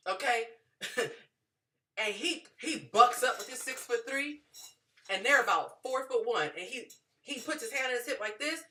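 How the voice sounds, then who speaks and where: A woman hosting a dating advice show, telling stories in an animated way and acting out the people in them. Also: a little high, a little fast, recorded from a distance. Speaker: podcast host giving dating advice. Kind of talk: casual storytelling advice.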